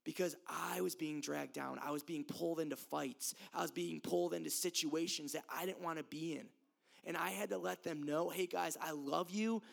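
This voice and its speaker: A young American man gives a casual sermon, speaking directly to the people in front of him. His voice sits a little high with a gravelly edge. He stays earnest and conversational and laughs at himself now and then. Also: steady tone, moderate pace, a bit bright. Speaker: youth preacher.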